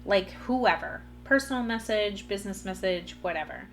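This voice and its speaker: Soft music underscores this solo podcast, where a female host talks straight to her audience in an earnest, coaching manner. She speaks at a moderate pace in a medium-pitched voice.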